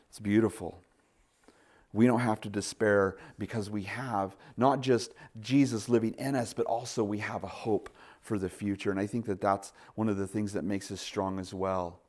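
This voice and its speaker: A man preaching a sermon, retelling stories with lively bursts and quiet asides. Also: medium pitch. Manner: animated storytelling with sudden loud bursts and quiet asides. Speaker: pastor.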